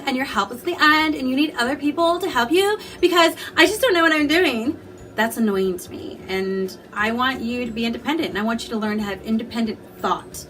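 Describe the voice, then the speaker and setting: A woman giving opinionated, casual book reviews in a vlog, animated and full of asides. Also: on the high side, brisk, soft background music. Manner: animated, opinionated, with frequent asides and mock quotes.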